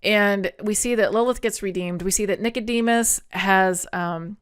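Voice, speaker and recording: A woman podcast host with a clear, resonant, mid-range voice recaps an episode at a moderate pace. She's earnest and chatty, laughs often, and sounds emotional, close to tears.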